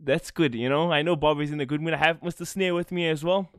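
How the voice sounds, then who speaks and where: A man's voice: a little high, steady tone, quick pace, smooth, dry recording, clean studio sound. A man hosting a casual gaming podcast, rambling and repeating words, laughing often. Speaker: podcast host.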